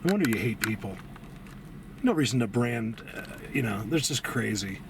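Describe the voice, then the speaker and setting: Male outdoor vlogger, excitable and chatty, hand-held camera mic, clear wind and outdoor noise. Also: normal speed. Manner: excitable, talks to animals in a high baby voice, drops to hushed tones. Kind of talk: casual walking vlog. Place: outdoors on a trail.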